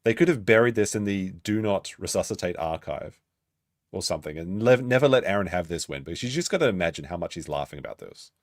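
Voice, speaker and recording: Low, animated, blunt male streamer. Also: no room sound, clean studio sound. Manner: blunt, swears freely, drawn-out asides. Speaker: stream host reacting to a clip. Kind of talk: casual reaction commentary.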